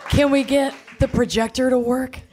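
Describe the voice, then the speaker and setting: A woman's voice: high-pitched, fairly even intonation, normal speed, darkish tone, some chatter behind. A woman co-hosting a live podcast show on stage, brash and joking, laughing often. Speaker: podcast co-host.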